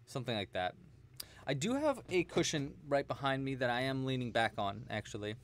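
A man's voice: mid-range voice, sing-song, brisk. A man hosting a live crochet stream, chatting casually and explaining stitches with many fillers.

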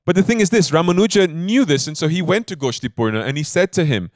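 A man's voice: a little high, animated, quick pace, hardly any pauses, a little mellow, dry recording, studio quality. A man giving a devotional sermon as a spiritual teacher, telling a story in an emphatic, conversational way and often checking in with his listeners.

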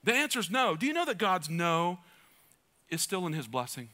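A man's voice: high voice, sing-song, normal speed, sharp tone. A male pastor preaching a sermon with energy, joking asides and calls to the congregation. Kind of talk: church sermon.

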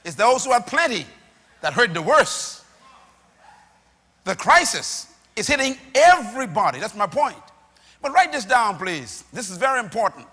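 A man preaching a sermon to a live congregation, rousing them into call-and-response with bursts of shouting, recorded in a large church hall. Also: very high-pitched, big pitch swings, moderate pace. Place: church or auditorium. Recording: long reverb of a large hall.

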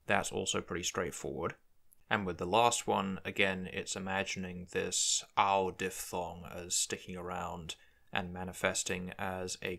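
A man's voice: low-pitched, creaky, a bit bright. A man hosting a language-building tutorial, thinking aloud as he works through word forms. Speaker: conlang video host. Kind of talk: screen-recorded tutorial narration.

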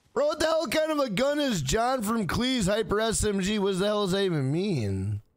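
A man streaming a game, chatting casually with his viewers in a joking, profane way. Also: high-pitched. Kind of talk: casual gaming livestream chat.

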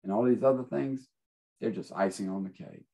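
A man preaching a devotional sermon in an earnest way, reading scripture aloud and repeating phrases with pauses. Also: lowish voice, gravelly, mellow, poor audio.

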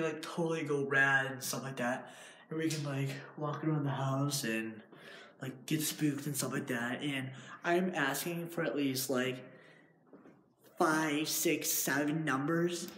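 A man's voice: mid-range voice, fairly bright tone, slight background noise. A young man vlogging while walking through an empty house, rambling with many fillers and restarts. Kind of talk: casual vlog. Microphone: handheld device.

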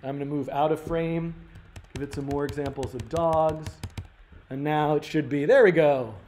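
A man's voice: a little high, fairly even intonation, normal speed, a little mellow. A man teaching a live-coding workshop, thinking aloud with lots of fillers and restarts. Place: workshop room. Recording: roomy live-stream audio with faint room noise.

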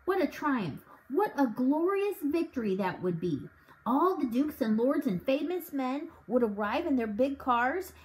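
A woman reading the part of a father who dreams up a daring scheme and grows excited as he explains it. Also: on the high side, low-quality recording. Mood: gleeful. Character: warm scheming father with a broken leg.

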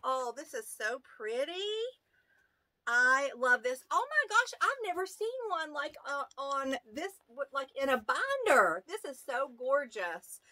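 A woman with a rural American accent hosting a casual unboxing video, excitable and gushing as she talks to her viewers. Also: sits high, measured pace. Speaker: YouTube channel host. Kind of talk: casual unboxing of fan mail.

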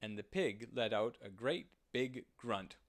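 A man reading a children's picture book aloud slowly and gently, with expressive phrasing. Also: medium pitch, heavy background noise. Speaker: storyteller. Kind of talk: children's storybook read-aloud.

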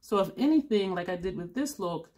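A woman's voice: medium pitch, animated, brisk, darkish tone. A woman in her fifties chatting casually to camera as a beauty vlogger, blunt and rambling, laughing now and then, a little tired. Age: 50s.

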